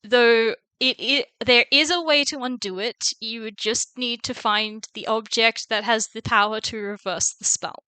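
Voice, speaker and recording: Slow, bright-voiced woman game master. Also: fairly high pitch, steady tone, smooth, dry recording. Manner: hesitant, many ums, laughs often. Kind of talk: narrating a tabletop game over voice chat.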